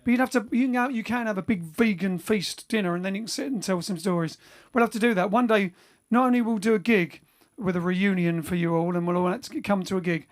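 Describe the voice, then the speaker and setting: Reading out comments from viewers, a man runs his band's lockdown livestream from home, rambling casually with many fillers and restarts. He has a high-pitched voice, talks a little fast and leaves few pauses.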